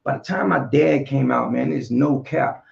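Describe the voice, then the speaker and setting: Philly guy, raspy fry in his voice, talks slangy and animated, kinda muffled audio. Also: medium pitch, normal speed. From Philadelphia. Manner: animated, streetwise, peppered with slang and "you know what I'm saying". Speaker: guest. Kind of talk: casual storytelling interview. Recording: dull lo-fi audio.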